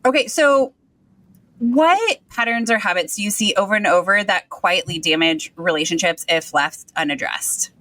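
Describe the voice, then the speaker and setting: A woman's voice: medium pitch, normal speed, fairly bright tone, recorded from a distance. A woman interviewing a guest in a casual way, with many "like" fillers. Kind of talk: conversational interview.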